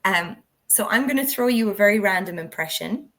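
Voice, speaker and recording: A woman at a middle pitch explains a classroom drama game step by step. She is instructive and practical, and she illustrates each point with an example. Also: lively intonation, a little fast, fairly bright tone. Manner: instructive, walks through steps with examples. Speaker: drama education trainer. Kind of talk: explanatory conversation.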